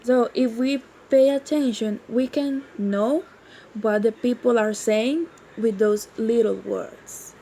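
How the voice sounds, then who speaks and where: A woman's voice: fairly high pitch, fairly even intonation, takes it slowly, dark tone, slight background noise, rough recording. A woman giving a class presentation on teaching, in a hesitant way and repeating words as she goes.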